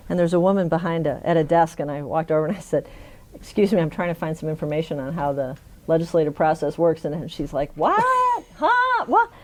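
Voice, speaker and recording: A middle-aged woman tells a funny story in an oral history interview, laughing often as she talks conversationally. Her voice is low, steady, fast, and dark in tone.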